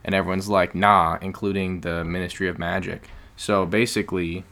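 Deep creaky-voiced male podcast host. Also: flat delivery, moderate pace, pushed and bright. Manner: long explanatory turns, joking. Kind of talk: casual podcast chat.

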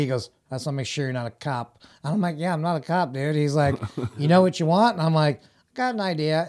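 A man's voice: a little high, darkish tone. A middle-aged man chatting casually as a guest, telling rambling stories with laughs and acted-out quoted voices. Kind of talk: casual storytelling chat.

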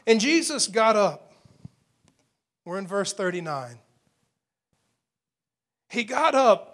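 A man's voice: sits high, a bit bright. A middle-aged man preaching a sermon, building intensity and asking rhetorical questions. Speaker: pastor.

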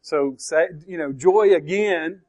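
A man preaching a sermon, slow and emphatic, asking the congregation questions as he explains a verse. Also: on the high side, darkish tone. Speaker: pastor.

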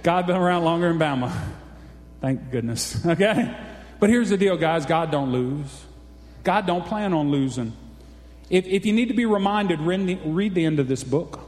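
A man's voice: a little high, animated, normal speed, a little mellow. A man preaching a folksy, exclamatory sermon, often calling out for an amen. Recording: echoey hall reverb.

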